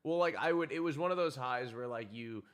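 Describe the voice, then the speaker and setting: A young man streaming, chatting casually in halting bits with many fillers and short agreeing replies. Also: mid-range voice. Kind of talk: casual chat.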